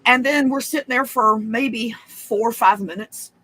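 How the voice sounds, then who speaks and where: A woman with a drawl tells a personal story in casual, chatty talk. She wanders off on tangents and swears without a second thought. Her voice is bright and carries some push. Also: a little high, measured pace. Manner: chatty, profane, rambling with frequent asides.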